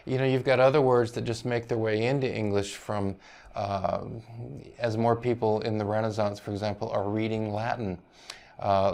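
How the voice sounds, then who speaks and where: A man's voice: on the low side, creaky, darkish tone. A male university teacher giving a lecture on language history, explaining patiently, often checking in with "right?" and hedging over foreign pronunciations.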